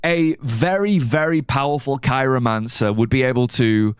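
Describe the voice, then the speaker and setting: A man's voice: mid-range voice, moderate pace, smooth, dry recording, clean studio sound. A young man streaming a game live, chatting loosely, swearing casually and laughing at his own ideas. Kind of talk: live gameplay commentary.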